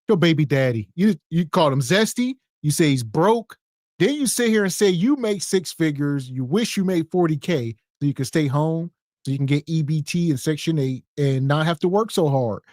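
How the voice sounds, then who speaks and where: A man's voice: a little high, expressive, moderate pace, a little mellow, no room sound, clean studio sound. A man co-hosting a podcast, delivering blunt, scornful commentary. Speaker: podcast co-host. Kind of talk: casual commentary.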